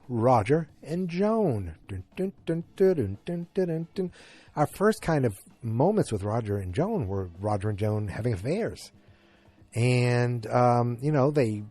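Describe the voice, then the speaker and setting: Mellow-voiced man recapping a show. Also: medium pitch, no echo. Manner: rambling, halting, many fillers and restarts. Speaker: podcast host. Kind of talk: casual episode recap.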